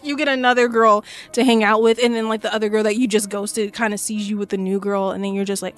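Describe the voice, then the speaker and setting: A woman's voice: mid-range voice, fast talker, few pauses, soft background music. A woman in her twenties streaming a game and chatting in a loose, slangy, profane way, laughing often. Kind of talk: casual gaming stream chat.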